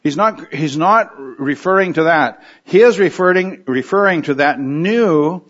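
A man's voice: on the high side, measured pace, fairly bright tone. A man giving a conversational expository sermon, thinking aloud with restarts and fillers as he explains a verse. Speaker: preacher. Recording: dull lo-fi recording.

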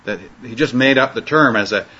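A man's voice: medium pitch, fairly quick, sharp tone, husky. A man teaching an informal Bible study lecture, talking conversationally with frequent fillers and restarts. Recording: dull lo-fi recording.

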